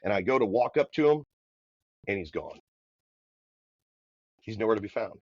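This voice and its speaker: Loud, energetic man telling a story. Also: on the low side, normal speed, dry recording. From US Midwest. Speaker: podcast guest. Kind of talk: casual storytelling. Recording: dull, dry podcast audio.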